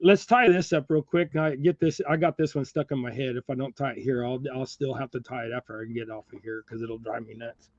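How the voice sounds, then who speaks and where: A man's voice: medium pitch, fairly even intonation, a little fast, hardly any pauses. A man hosting a fishing channel from home, chatting in a rambling, folksy way while tying jigs, often chuckling. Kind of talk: casual live chat while tying jigs. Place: home, indoors. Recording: dull, slightly muffled sound.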